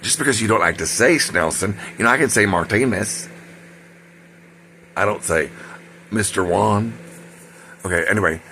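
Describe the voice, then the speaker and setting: An older man tells a rambling story from his own life. His voice sits low and gravelly, with a bright, forward edge. He drifts into side tracks and corrects himself as he goes. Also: normal speed, long pauses, a little hiss or hum. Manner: digressive, full of ums and self-corrections.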